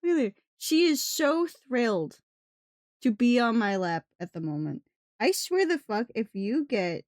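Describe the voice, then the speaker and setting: A woman's voice: fairly high pitch, sing-song, measured pace, darkish tone, no room sound, clean studio sound. A woman streamer chatting casually on a livestream, cooing baby talk at her cats and teasing them with casual swearing.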